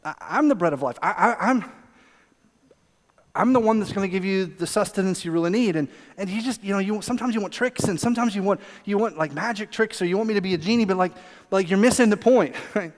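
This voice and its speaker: Male pastor with a high, bright voice, animated sermon delivery, heard with long hall reverb. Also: fast talker. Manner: animated, acts out voices in quotes, repeats words when excited. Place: church sanctuary.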